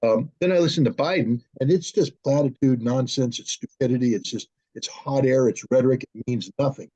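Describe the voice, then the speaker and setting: A man's voice: mid-range voice, fairly quick, dark tone. A man giving blunt, emphatic political commentary as a guest analyst on a video call. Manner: blunt and emphatic, mimics politicians in raised voices. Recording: muffled lo-fi call audio.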